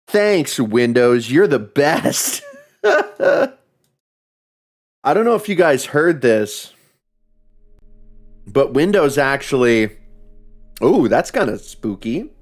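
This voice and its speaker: A man streaming a horror game, joking and swearing as he reads the game text aloud. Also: mid-range voice. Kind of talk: casual game commentary.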